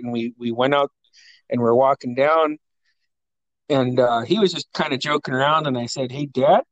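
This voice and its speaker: A middle-aged man hosts a podcast, swapping casual family stories from his childhood, laughing a lot, cursing, and doing the voices of the people involved. His voice sits in the mid-range at a normal speed, with no room sound.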